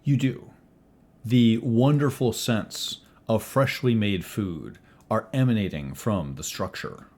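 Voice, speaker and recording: A man narrating a tabletop role-playing game as game master, theatrical and animated. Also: lowish voice, takes it slowly.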